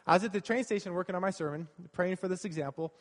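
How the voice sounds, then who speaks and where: A man's voice: sits high, quick pace. A pastor giving a sermon, earnest and conversational, who repeats his key phrases. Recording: long hall reverb.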